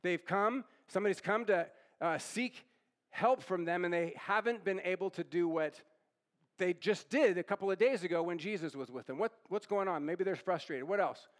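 A man with a high voice gives a conversational sermon. He keeps asking his listeners questions, echoes their answers back and tags his points with "right?". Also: normal speed. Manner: asks the audience questions and repeats their answers. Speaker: pastor. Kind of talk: interactive sermon.

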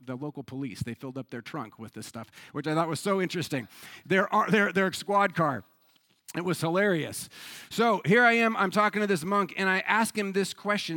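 Male pastor, sermon delivery, animated conversational storyteller, bright voice, dry close sound. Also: high-pitched, no echo. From United States.

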